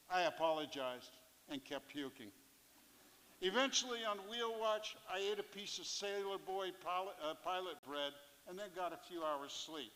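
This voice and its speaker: A man's voice: high-pitched, bright, forceful tone. A man reading his own fishing memoir aloud on a theatre stage, telling it plainly with dry asides. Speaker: fisherpoet performer. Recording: live theatre with long reverb.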